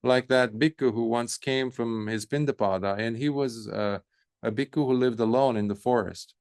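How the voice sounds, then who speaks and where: A man, a Buddhist monk, giving a relaxed dharma talk, telling stories with pauses and fillers. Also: mid-range voice, clean tone, dry recording, clean studio sound.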